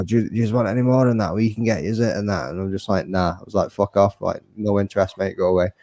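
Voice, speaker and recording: A man's voice: low voice, darkish tone, no echo. A man telling a rambling, sweary story in casual chat. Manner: fast, swearing, laddish banter. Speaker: co-host.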